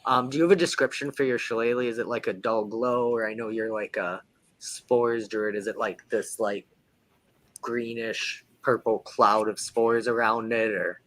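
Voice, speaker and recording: A man's voice: fairly low pitch, fairly even intonation, moderate pace, fairly bright tone, poor audio. A man narrating as game master of a tabletop game, describing the action casually with many fillers.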